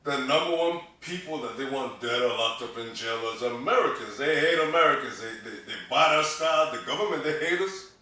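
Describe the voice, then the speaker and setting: A comedian co-hosting a podcast talks in a blunt, opinionated, profane way with a bright edge to his voice. The room is very echoey and he sits well back from the mic. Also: mid-range voice, animated, brisk, recorded from a distance. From Massachusetts. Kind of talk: casual chat.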